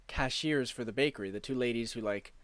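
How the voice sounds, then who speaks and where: A man's voice: mid-range voice, brisk, dry recording. Man, podcast co-host, casual movie chat, swears a lot, dry close sound. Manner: profane, animated retelling of scenes. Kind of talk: casual film-review chat.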